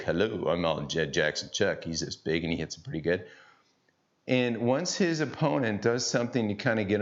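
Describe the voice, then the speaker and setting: A middle-aged man teaching golf, chatty and folksy with joking asides. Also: on the low side. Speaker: golf instructor. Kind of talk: on-course instruction. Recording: dull lo-fi sound.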